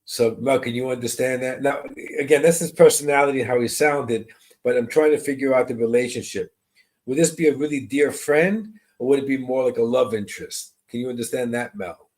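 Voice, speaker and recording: A man working as a psychic medium, giving a live online reading, describing impressions slowly and answering viewers' comments. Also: medium pitch, a little mellow.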